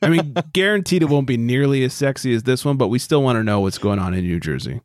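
A man hosts a loose, casual podcast, reading out a local news story and wrapping up the show between bursts of laughter. He speaks at a middle pitch, close to the mic in a dry, dead room. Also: lively intonation, fast, dry recording. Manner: laughs often, puts on mock tough-guy voices. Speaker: podcast host.

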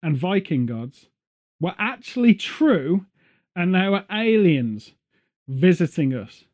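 A man's voice: sits high, slow pace. Sarcastic ranting man chatting. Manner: ranting, sarcastic, animated storyteller. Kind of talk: casual chat.

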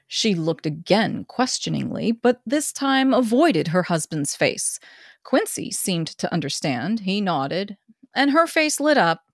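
A woman podcast co-host narrating a novel aloud in a steady, earnest way. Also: medium pitch, unhurried, no room sound, clean studio sound.

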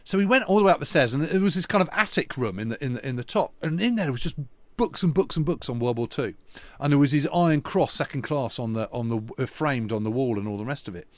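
An earnest man recounting a story in casual podcast chat, his voice sitting at an ordinary middle pitch. The sound is close and dry, with no room echo. He talks with emphasis and feeling. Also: expressive, fast talker. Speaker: historian and podcast co-host. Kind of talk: conversational anecdote.

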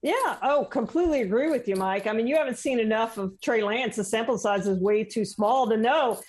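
Steady female sports talk co-host. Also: fairly high pitch, fairly quick.

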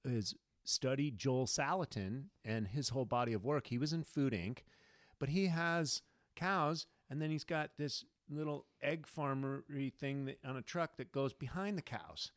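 A man's voice: mid-range voice, normal speed, no echo, clean studio sound. A man speaking as a podcast guest and food activist, ranting fierily and swearing constantly. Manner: fiery, profane ranting. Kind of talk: casual podcast conversation.

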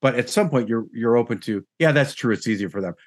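Calm guy coaching on a podcast, mid pitch, gently probing, dry mic. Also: fast talker, no echo. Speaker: life coach guest. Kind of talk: podcast conversation.

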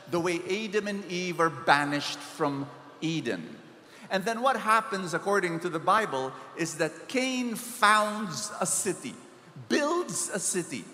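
A man's voice: high-pitched, bright, forceful tone, a little hiss or hum. A man with a Filipino accent preaching a sermon, telling a story and pleading, rising to emphatic peaks. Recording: echoey hall, faint ambience.

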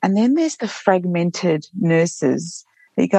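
A woman's voice: fairly low pitch, animated, slow pace, mellow, dry recording. A woman who works as a nurse, telling heartfelt stories from her work in an earnest, reflective way with frequent restarts. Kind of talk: reflective storytelling interview.

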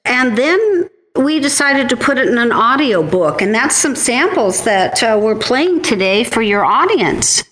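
A woman's voice: fairly high pitch, big pitch swings, a little slow, few pauses, fairly bright tone, low-quality recording. Friendly woman guest telling her story. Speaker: wine company co-founder, guest. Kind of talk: casual interview storytelling.

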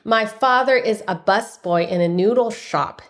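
A middle-aged woman from San Francisco, a guest author in an interview, telling a personal story with animated delivery and acting out other people's voices. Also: mid-range voice, unhurried. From San Francisco, USA. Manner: animated, acts out the voices of people in her stories.

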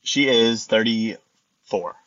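A man's voice: lowish voice, slow pace, fairly bright tone, no echo. Hesitant Texan man on a phone line. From Texas. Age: 30s. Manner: hesitant, repeats words. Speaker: caller. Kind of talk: phone-in conversation.

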